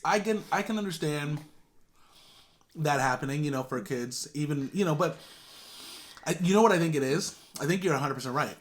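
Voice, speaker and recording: A man's voice: fairly high pitch, brisk, long pauses. A man co-hosting a casual vlog chat, easygoing and agreeable, often laughing along. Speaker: co-host.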